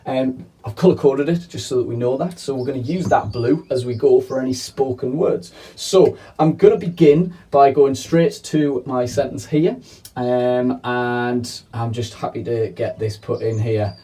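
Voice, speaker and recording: Mellow-voiced male teacher. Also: medium pitch, unhurried, far from the mic. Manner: playful, chatty teaching with frequent "okay?" checks. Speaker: primary school teacher. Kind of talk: video lesson for children.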